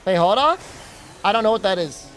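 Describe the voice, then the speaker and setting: Young american guy streaming, high voice, bouncy and joking, answering chat. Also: a little fast, clear, resonant tone, faint music behind. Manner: animated, joking, reacting to chat questions. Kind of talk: casual chat with live chat.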